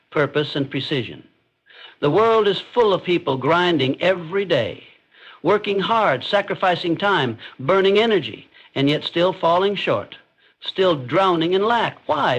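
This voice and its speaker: A man's voice: fairly high pitch, a bit bright, muffled recording. A man giving scripted motivational narration in an intense, emphatic, declarative way.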